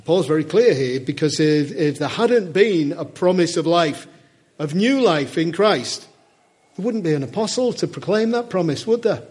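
Man, sermon, fairly high voice, conversational, questions to the congregation. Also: lively intonation, moderate pace, darkish tone, slightly rough. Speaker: preacher.

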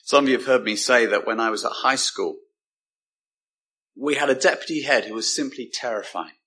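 A man preaching a sermon, emphatic, with dramatic pauses and repeated words. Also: mid-range voice, bright, forceful tone, breathy edge.

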